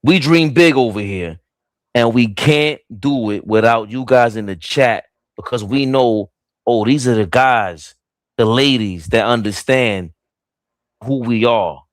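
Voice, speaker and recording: A young man is calling the action live on a fan stream, speaking directly to the chat in a mid-range voice at a measured pace. He's excitable, and his voice leaps up whenever the play gets intense. The recording has no echo.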